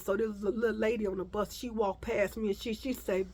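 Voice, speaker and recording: A woman's voice: mid-range voice, steady tone, fairly quick, hardly any pauses, a little mellow, husky. A woman vlogger telling a dramatic, profanity-laden story in a storytime vlog.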